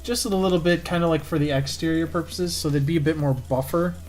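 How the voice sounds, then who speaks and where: A man who is a cartoonist, chatting casually while he inks a drawing on stream and trailing off into low-key asides to himself. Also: fast, darkish tone, faint music behind. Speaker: cartoonist streaming his inking.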